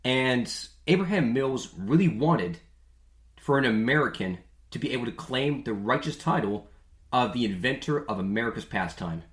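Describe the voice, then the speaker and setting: A man's voice: medium pitch, expressive, moderate pace. A male podcast host talking in a casual, jokey monologue, with a mid-range voice. He is chatty and leans on filler words. The recording rings in an echoey room.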